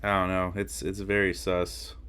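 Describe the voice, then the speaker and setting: Deep-voiced man rambling casually. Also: monotone, normal speed, a bit bright, clean tone. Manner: laid-back, rambling, slangy. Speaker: podcast host reacting to a video. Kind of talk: casual reaction commentary.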